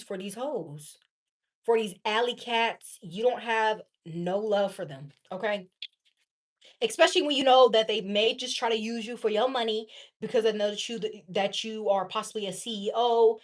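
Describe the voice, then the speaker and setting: Slangy, blunt tarot-reading woman. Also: a little high. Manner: blunt, slangy, profane and animated, laughs often. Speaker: tarot reader. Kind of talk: casual tarot reading monologue.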